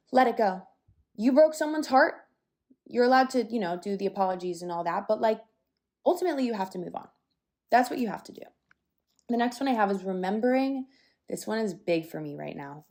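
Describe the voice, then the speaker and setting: Young woman doing a solo podcast, chatty and candid, bit breathless, medium pitch. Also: darkish tone. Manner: chatty and candid, with some swearing and lots of fillers. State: a little out of breath. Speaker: podcast host. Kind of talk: casual solo podcast monologue.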